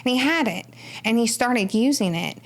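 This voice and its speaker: Podcast guest: woman with a fairly high voice, rambling testimony, conversational. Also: lively intonation, moderate pace. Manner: rambling storytelling with frequent "like" and "right?". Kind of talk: personal testimony in casual conversation.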